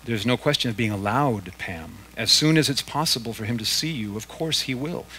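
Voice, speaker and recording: A man reading aloud and voicing a kindly male spirit who speaks patiently and reasons gently with his sister's ghost. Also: mid-range voice, brisk, close to an everyday voice, poor audio. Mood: patient gentle.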